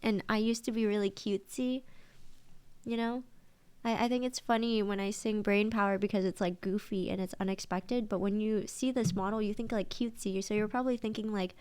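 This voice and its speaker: A woman streamer chatting casually with her viewers during a reaction stream. She gets excited easily, exclaims often and sprinkles Japanese phrases into her talk. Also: medium pitch, a little fast, smooth.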